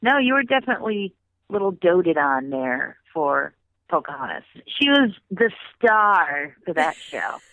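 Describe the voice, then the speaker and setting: A woman and former theme park performer, telling stories in a casual, animated way as an interview guest. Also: lowish voice, a little slow, dry recording. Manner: animated, with bursts of laughter. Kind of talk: casual storytelling. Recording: tinny phone line.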